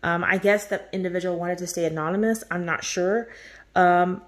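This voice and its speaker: A woman's voice: medium pitch, moderate pace. A woman hosting a coloring channel, chatting casually and gushing over her birthday gifts with frequent laughter. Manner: gushing, effusive, laughs often.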